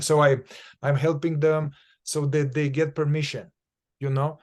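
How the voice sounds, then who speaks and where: A man, a non-native English speaker whose first language is Romanian, explaining an inquiry practice in an animated way, acting out examples with halting restarts. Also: fairly high pitch. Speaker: inquiry facilitator. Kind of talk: casual podcast teaching.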